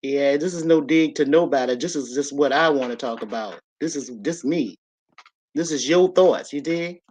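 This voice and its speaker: A woman's voice: sits low, moderate pace, darkish tone. A woman hosting a casual livestream, telling a story and preaching to her viewers, with in her speech. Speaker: livestream host. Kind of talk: casual live-stream monologue.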